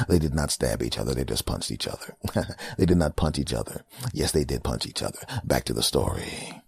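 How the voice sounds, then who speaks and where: A man's voice: rumbling low, lively intonation, moderate pace, creaky, slightly rough. A man hosting a comedy podcast, telling stories in a ranting, self-deprecating monologue. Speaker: podcast host.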